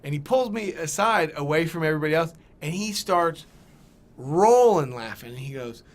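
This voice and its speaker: A young man telling a comedic story on a podcast, animated and profane, acting out voices. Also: on the high side, moderate pace. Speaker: podcast guest.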